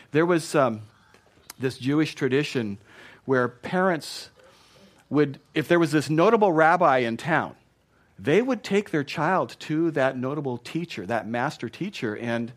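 A man's voice: a little high, animated, unhurried. A man in his thirties, a pastor, preaching a sermon in an earnest, emphatic way and often repeating words. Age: 30s.

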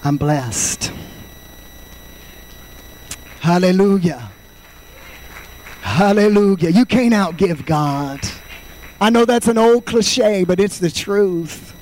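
A man in his fifties preaching a sermon, fervent, swinging between loud shouts and quiet storytelling. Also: high voice, takes it slowly, slight background noise, rough recording. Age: 50s. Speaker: pastor.

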